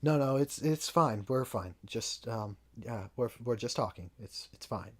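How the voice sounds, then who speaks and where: A man voicing a tense, wary man at a bar who talks in a hesitant, low, uneasy way. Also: lively intonation, unhurried.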